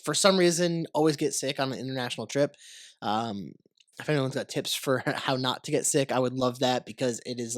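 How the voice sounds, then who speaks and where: Here a man from the US hosts his podcast at medium pitch, his voice congested from a cold. The talk wanders in a relaxed way, with casual swearing, and the studio-quality audio has no echo.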